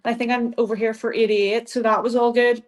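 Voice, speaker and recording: A woman's voice: a little high, level tone, a little fast. A young woman with an Irish accent, a guest chatting casually in an interview, rambling with lots of "like" and frequent laughs. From Ireland. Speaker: guest athlete.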